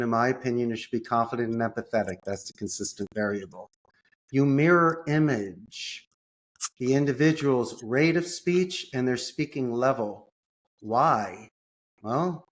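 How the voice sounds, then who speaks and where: An energetic man with an ordinary, mid-range voice, explaining phone sales techniques in a relaxed podcast interview. He talks like a salesman and slips into short acted-out phone calls. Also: mid-range voice, normal speed. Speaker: call center executive, guest. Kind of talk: casual interview talk.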